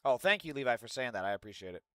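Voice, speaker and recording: A man's voice: medium pitch, sing-song, racing, fairly bright tone, no room sound. A man streaming heated political commentary, ranting and swearing at his chat. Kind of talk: angry livestream commentary.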